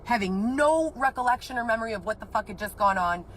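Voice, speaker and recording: A woman's voice: a little high, expressive, fast talker, slight background noise, low-quality recording. A woman telling her own story in an agitated, rambling way, swearing often. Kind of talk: emotional personal account.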